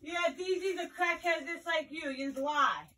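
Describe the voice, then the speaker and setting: A woman's voice: extremely high pitch, normal speed, sharp tone, recorded from a distance, low-quality recording. A woman arguing in an angry, profane, threatening way. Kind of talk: heated argument.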